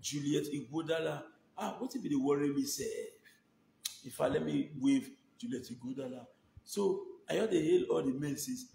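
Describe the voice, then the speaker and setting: A man's voice: fairly high pitch, gravelly, darkish tone, a little hiss or hum. Chatty Nigerian man in an echoey room. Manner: chatty, mixes Pidgin and English. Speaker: online video host. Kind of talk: casual shout-outs to viewers.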